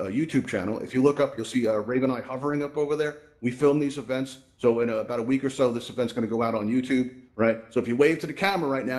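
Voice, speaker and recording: A man's voice: medium pitch, darkish tone. A man hosting a VR event, explaining fixes in a casual, upbeat way and often checking in with "right?", speaking through a headset mic. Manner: chatty, upbeat, keeps asking "right?". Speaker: host and presenter of a VR tech event. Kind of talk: casual spoken tutorial. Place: virtual reality event space. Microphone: VR headset microphone.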